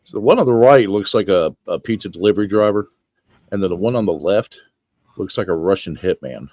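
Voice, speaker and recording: Low-voiced joking male host. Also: animated, darkish tone, no room sound. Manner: joking, rambling, quick to laugh. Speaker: podcast host. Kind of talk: casual chat.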